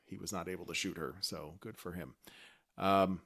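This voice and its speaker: Male podcast co-host, low-ish voice, chatty and excitable fan energy. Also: moderate pace. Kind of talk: casual chat recapping a TV episode.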